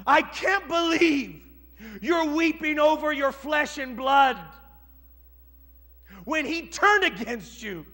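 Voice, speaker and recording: A stern older counselor scolding his king, as a preacher acts him out, shouting each phrase slowly and forcefully. The voice sits high and bright, and a long hall reverb carries it. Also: faint music behind, exaggerated voice.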